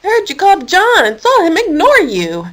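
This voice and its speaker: A woman's voice: very high voice, wildly swooping pitch, slow, sharp tone, pitched above the performer's own voice, heavily acted. A woman voicing an indignant male kangaroo in a storybook reading.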